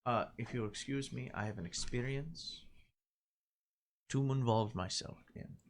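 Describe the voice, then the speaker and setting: A man's voice: medium pitch, measured pace, voice pushed up, close to an everyday voice. A man voicing a cold, imperious male merchant negotiator in a tabletop game. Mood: dismissive.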